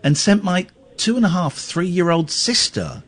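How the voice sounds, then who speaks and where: A man's voice: sits high, animated, unhurried, a bit bright. A man hosting a radio phone-in, playful and teasing, with bursts of exaggerated delight. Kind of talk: late-night radio phone-in chat.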